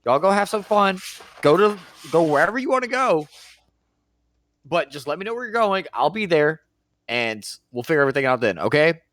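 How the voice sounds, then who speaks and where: A man playing a tabletop role-playing game, animated and playful in character, laughing often. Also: a little high, a little fast, dry recording, clean studio sound. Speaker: player.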